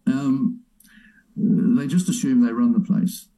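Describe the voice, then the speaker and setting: A man comments over a clip he keeps pausing, mocking and chatty. His voice is very dark and mellow, sitting at a middle pitch. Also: fairly even intonation, low-quality recording. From New Zealand. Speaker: host reacting to a clip. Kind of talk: commentary on a played video.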